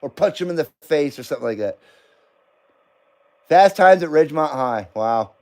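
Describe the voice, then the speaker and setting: A man's voice: a little high, expressive, normal speed, a little mellow. A middle-aged man hosting a live stream, chatting casually, joking and laughing often as he reads comments.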